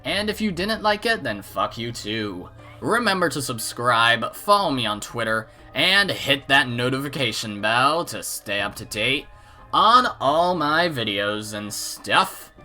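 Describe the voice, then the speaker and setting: A woman's voice: a bass voice, very animated, unhurried, sharp tone, faint music behind. A woman hosting a visual novel playthrough in casual, sarcastic commentary, swearing and laughing. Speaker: let's play host.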